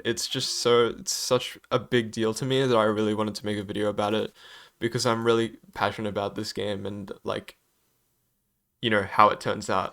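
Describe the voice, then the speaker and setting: A man's voice: on the low side, a bit bright, clear, resonant tone. A young man giving an unscripted opinion vlog about a game, hesitant and apologetic, stammering often and using many fillers. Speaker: gaming YouTuber.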